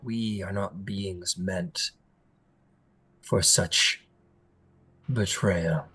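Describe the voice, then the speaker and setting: A cold, cruel fae prince, as a man puts him on, speaking low and quietly with menace. His husky voice sits low, with sudden sharp bursts. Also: very slow, heavily acted. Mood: bitter.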